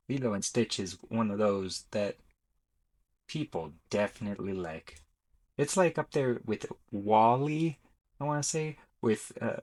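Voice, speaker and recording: A man's voice: on the low side, a little mellow, poor audio. A young man giving chatty, rambling commentary as he ranks films on his channel, often correcting himself mid-sentence. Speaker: YouTuber ranking films. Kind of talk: casual commentary.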